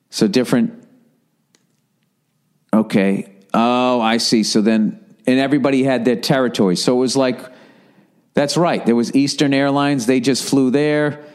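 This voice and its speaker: A man's voice: medium pitch, darkish tone. A middle-aged man hosting his own podcast, ranting with profanity and sarcasm and reading listener emails aloud with running asides. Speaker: podcast host. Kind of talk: solo rambling podcast monologue.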